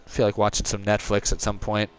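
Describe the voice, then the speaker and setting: Low-voiced and quick-paced, a tired young man casually chats with his audience as he streams a racing game on a headset mic. His talk is relaxed and rambling, answering viewer chat, and there's a little hiss or hum.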